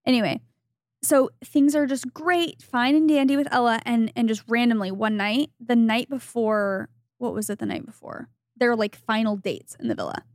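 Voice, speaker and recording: A young woman co-hosting a podcast, telling a story in animated casual chat and acting out what people said. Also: fairly high pitch, normal speed, dry recording, studio quality. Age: young adult. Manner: animated gossipy storytelling with quoted voices. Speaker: podcast co-host.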